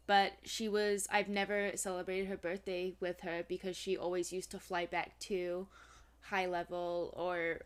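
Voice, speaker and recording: A woman's voice: fairly low pitch, flat delivery, measured pace, clean tone. A woman co-hosting a podcast, telling stories chattily with lots of fillers and teasing asides. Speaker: podcast co-host. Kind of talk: casual chat.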